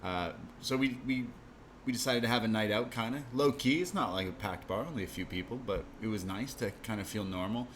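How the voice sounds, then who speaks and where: A man co-hosting a casual wrestling podcast, animated and laughing, swearing freely as he talks. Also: lowish voice, a little fast, a little hiss or hum. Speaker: podcast co-host. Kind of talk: casual chat. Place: Toronto.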